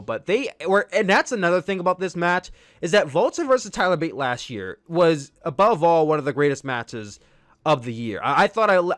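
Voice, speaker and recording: A man giving a casual, rambling solo review of a wrestling match, enthusiastic and prone to excited outbursts. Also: medium pitch, no room sound, clean studio sound.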